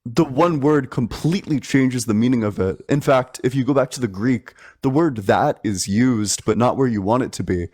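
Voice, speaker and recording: A man hosting an online debate, arguing in a measured, methodical way. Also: mid-range voice, a little mellow. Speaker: debate host.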